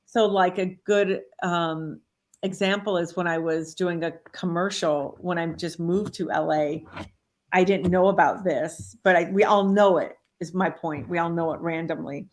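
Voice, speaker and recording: A middle-aged woman, a life coach and author, telling stories as an interview guest, often acting out quoted voices and saying "you know" a lot. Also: moderate pace. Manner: animated, acts out quoted voices with big pitch jumps; many fillers like "you know". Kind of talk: casual interview storytelling.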